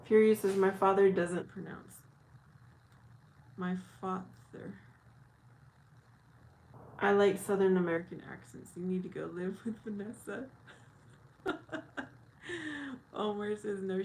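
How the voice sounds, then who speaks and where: A woman's voice: medium pitch, steady tone, moderate pace, creaky, darkish tone, a little hiss or hum, rough recording. A woman live streaming in casual chat, reading viewer comments aloud and answering them. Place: outdoors at night.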